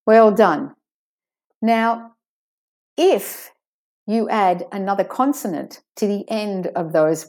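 A woman teaching an audio pronunciation lesson, saying words slowly and carefully for listeners to repeat. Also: mid-range voice, mellow.

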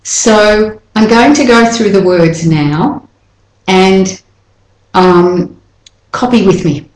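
A woman teaching an English pronunciation lesson, saying words slowly and repeating each one for the listener to copy. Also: mid-range voice, darkish tone, echoey room, poor audio.

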